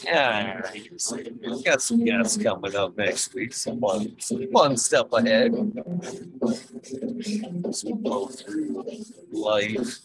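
A laid-back male host chatting casually on a livestream. He speaks at an unhurried, slow pace and greets people by name as they join. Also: on the low side, expressive, rough recording.

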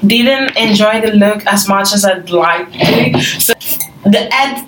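A woman co-hosting a casual chat, giving relaxed, matter-of-fact critiques. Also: medium pitch, takes it slowly. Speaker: podcast co-host. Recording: roomy echo, faint hiss.

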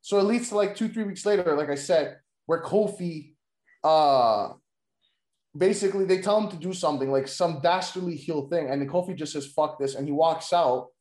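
A man with a fairly high voice rambles through a casual chat, leaning on filler words and swearing freely. He is recorded in a roomy space with a noticeable echo. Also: moderate pace, darkish tone. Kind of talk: casual chat pitching wrestling storylines.

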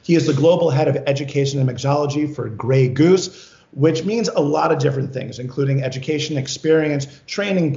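A man's voice: a little high, darkish tone. A man hosting a casual interview over a video call, chatty and enthusiastic, often laughing. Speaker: host. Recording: roomy, dull lo-fi sound.

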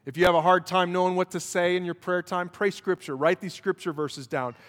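A man's voice: sits high, fairly even intonation, brisk. Emotional preacher man, echoing church. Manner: impassioned, swinging between loud emphasis and hushed prayer. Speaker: pastor. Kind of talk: sermon. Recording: long church hall reverb.

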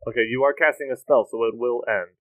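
A man narrates a tabletop game session in an unhurried, halting way, filling gaps with ums and uhs. His voice sits in a middle register. The recording is dry and close, with little room sound. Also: medium pitch, no echo, rough recording. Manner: relaxed, hesitant with many fillers. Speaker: game master.

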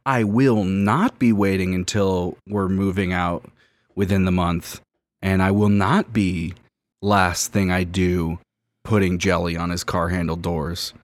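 A man's voice: low-pitched, steady tone, measured pace, no echo. A man in his twenties from Miami, co-hosting a podcast and telling a rambling, self-mocking story in casual chat. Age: 20s. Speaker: podcast co-host.

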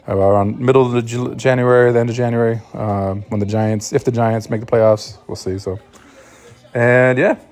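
A man talks on his own in a loose, rambling podcast monologue. He swears freely, restarts his sentences and sounds short on sleep. His voice sits in a middle pitch, with soft music faintly underneath. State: sleep-deprived new father. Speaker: podcast host. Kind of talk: casual solo monologue.

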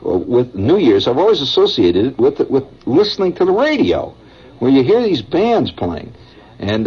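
A man's voice: medium pitch, breathy edge. A middle-aged man hosting a radio show, telling a rambling story in a folksy, conversational way, with chuckles and asides to listeners. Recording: dull vintage radio broadcast.

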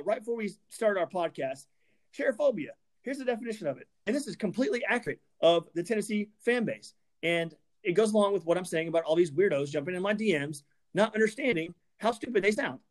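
Angry ranting man. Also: sits high. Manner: angry, emphatic, stammering restarts. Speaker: podcast co-host. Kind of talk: heated sports rant.

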